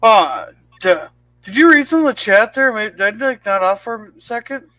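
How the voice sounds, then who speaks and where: A man co-hosting a casual livestream from home, talking in a halting, hesitant way with many fillers. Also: high voice, expressive, sharp tone, no room sound. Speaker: livestream co-host. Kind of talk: casual live-stream chat.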